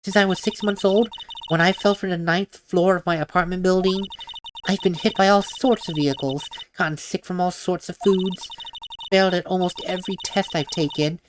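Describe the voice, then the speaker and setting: A man's voice: high voice, fairly even intonation, normal speed, a little hiss or hum, natural voice. A man voicing a timid, unlucky young woman who stammers and apologizes, reading a game's text aloud. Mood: nervous. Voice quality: stammering, hesitant.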